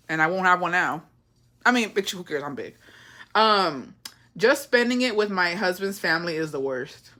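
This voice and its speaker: Bright-voiced, profane woman chatting with viewers. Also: fairly low pitch, expressive, normal speed. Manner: blunt, profane, playful, calls viewers bestie. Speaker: livestream host reading viewer comments. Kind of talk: casual chat.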